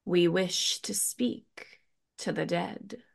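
A woman voicing a teenage girl reciting a séance incantation slowly and solemnly. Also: fairly low pitch, vocal fry, slightly rough, full character voice. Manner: slow, solemn, hushed.

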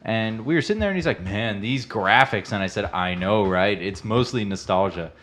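A man's voice: fairly low pitch, moderate pace, fairly bright tone. A man co-hosting a casual podcast chat, joking and bantering with friends. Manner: jokey, playful banter. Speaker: podcast co-host.

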